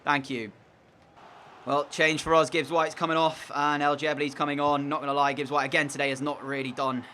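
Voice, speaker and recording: Sarcastic, bright-voiced young man gaming. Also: on the high side, level tone, a little fast. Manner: exasperated, sarcastic play-by-play. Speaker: gaming commentator. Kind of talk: video game commentary.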